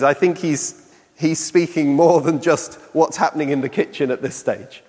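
A man's voice: mid-range voice, steady tone, unhurried, a little mellow, long reverb tail. A man preaching a sermon in a reflective way, asking many questions.

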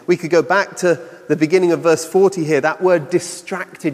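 A man's voice: fairly high pitch, steady tone, moderate pace, few pauses, a little mellow, big-room sound. A man preaching a sermon in a reflective way, asking many questions.

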